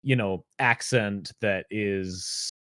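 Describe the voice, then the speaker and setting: A man with a lowish voice joining a casual podcast. He talks hesitantly and searches for words, and the recording is dry and close. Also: very slow, sharp tone, no room sound. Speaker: podcast guest.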